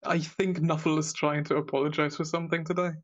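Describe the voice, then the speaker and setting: A man taking part in a tabletop role-playing game, speaking calmly and matter-of-factly. His voice is slightly high but very flat in pitch. The dull, lo-fi call audio takes the shine off his voice. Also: fast. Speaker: player. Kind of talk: tabletop role-play, in and out of character.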